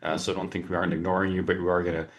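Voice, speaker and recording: A man's voice: low voice, little pitch movement, rapid-fire. A man hosting a webinar on a video call, chatty and full of fillers and restarts. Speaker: webinar host. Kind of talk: casual webinar introduction.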